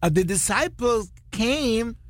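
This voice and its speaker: A radio co-host teaching from the Bible in a lively, laughing way, using non-standard English grammar. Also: medium pitch, slow, no echo. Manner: animated, laughs often, retells scripture dramatically.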